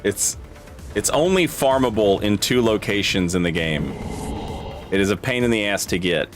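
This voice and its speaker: A man's voice: fairly low pitch, lively intonation, normal speed, music in the background. A man streaming a video game, rambling casually, joking and swearing freely. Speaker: gaming streamer. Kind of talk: casual gaming commentary.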